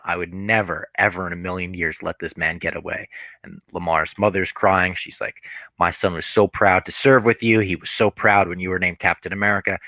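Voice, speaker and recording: A man's voice: low-pitched, pushed and bright, no echo. A man co-hosting a casual podcast, laid-back as he recaps the plot, swearing now and then. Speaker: podcast co-host. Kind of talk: casual chat.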